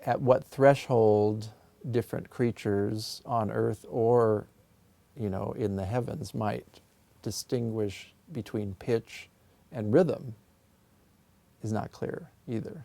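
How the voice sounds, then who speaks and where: A man's voice: lowish voice, slow, vocal fry, dark tone, no echo. A man, a composer and music theorist, thoughtfully explaining ideas about sound in an interview in his office. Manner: thoughtful, musing, explains with sung sound examples.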